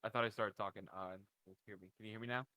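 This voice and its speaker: Low-voiced man playing his character. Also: fairly even intonation, very fast, pushed and bright, poor audio. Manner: hesitant, businesslike. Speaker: player. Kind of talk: in-character role-play.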